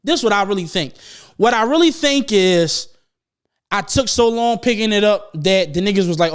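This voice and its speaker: A man's voice: high-pitched, animated, moderate pace, clean tone. A young man telling a long, profane, laughing story on a casual podcast. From Philadelphia. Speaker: podcast host.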